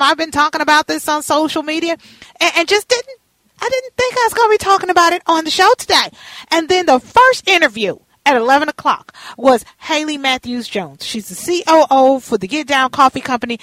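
A high-pitched woman hosts a radio talk show with a sassy, gossipy manner. She chats easily and calls her guests honey and girl. Her voice is close and dry, with no room sound. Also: lively intonation, normal speed, pushed and bright, no room sound.

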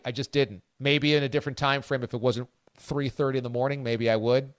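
A man's voice: medium pitch, steady tone, fairly quick, no room sound, studio quality. A man hosting a sports radio show in casual, joking banter, reading out listener messages. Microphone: studio microphone.

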